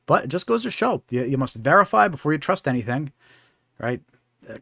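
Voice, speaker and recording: This male host speaks at medium pitch in a clean studio recording with no echo, walking viewers through scam awareness on a live stream. He stays conversational and repeatedly asks "right?"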